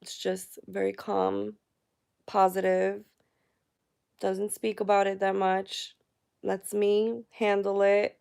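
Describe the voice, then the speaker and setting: A woman's voice: medium pitch, level tone, slow, creaky, long pauses, a little mellow, clean tone. A woman in her thirties talking candidly to her viewers in a personal vlog, emotional and chatty with many fillers. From United States. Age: 30s. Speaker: vlogger. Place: at home.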